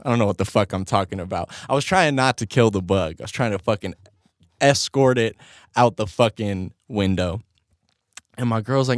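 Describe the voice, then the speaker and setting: A man with a medium-pitched voice hosts his own podcast from a home studio, speaking at normal speed. He tells a story casually and animatedly, laughing along and swearing constantly, with no room sound.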